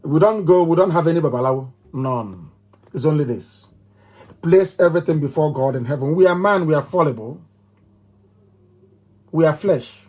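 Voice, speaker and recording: A middle-aged Nigerian-accented man delivers a live political address. His voice is high-pitched and husky. He drives his points home by repeating them and breaks into scornful laughter. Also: lively intonation, normal speed, long pauses, a little mellow. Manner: emphatic and repetitive, with mocking laughs. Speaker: movement leader giving a broadcast.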